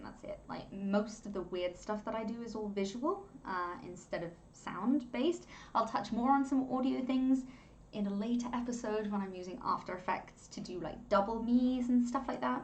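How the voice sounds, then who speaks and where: A young woman giving a casual, rambling editing tutorial at home, chatty and quick to laugh. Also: mid-range voice, a little hiss or hum. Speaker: content creator teaching video editing. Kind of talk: casual screen-recording tutorial.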